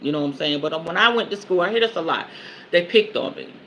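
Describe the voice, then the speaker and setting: This is a woman in her forties with a bright, forceful voice. She hosts a podcast, reading self-help passages aloud and then preaching on them. She is emphatic and colloquial, with faint noise behind her. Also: fairly low pitch, lively intonation, fast talker. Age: 40s. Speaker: podcast host and spiritual advisor.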